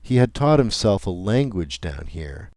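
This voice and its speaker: Deep-voiced man narrating an audiobook. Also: big pitch swings, vocal fry, a little mellow, no echo, clean studio sound. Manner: measured and deliberate.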